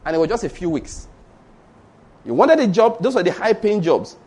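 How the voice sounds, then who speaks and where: A man's voice: sits high, big pitch swings, normal speed, a little mellow, slightly rough. A middle-aged man with a Nigerian Yoruba accent, preaching a sermon in an emphatic storytelling way. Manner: storytelling, emphatic, repeats points. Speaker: pastor.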